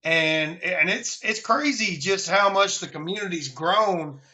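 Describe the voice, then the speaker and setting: A man's voice: high voice, measured pace, bright, forceful tone. A man from Alabama with a Southern accent, hosting a casual live stream about preparedness in a folksy, rambling way.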